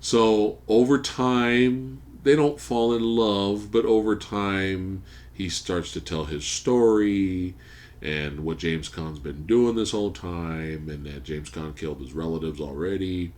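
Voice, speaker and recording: A man hosting a podcast, casually recapping a movie plot as an animated storyteller who swears freely. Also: low voice, takes it slowly. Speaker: podcast host. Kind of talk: casual movie review chat. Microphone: studio podcast mic.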